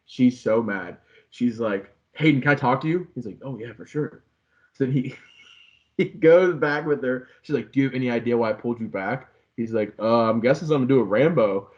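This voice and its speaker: A man's voice: medium pitch, brisk. A young man co-hosting a podcast, rambling and swearing as he retells a reality show episode and acts out the quotes. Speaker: podcast co-host. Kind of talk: casual chat recapping a reality show. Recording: slightly dull lo-fi podcast audio.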